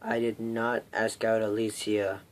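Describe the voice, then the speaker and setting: A man's voice: lowish voice, flat delivery, unhurried. A teenage boy telling a personal story in an unscripted vlog, rambling and self-mocking, hot and sweaty. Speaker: vlogger.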